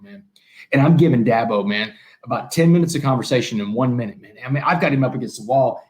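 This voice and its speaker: A middle-aged man from Texas, telling stories as a guest in an interview, often adding "man" and acting out dialogue. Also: medium pitch. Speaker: guest, motivational speaker. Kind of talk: animated storytelling in an interview.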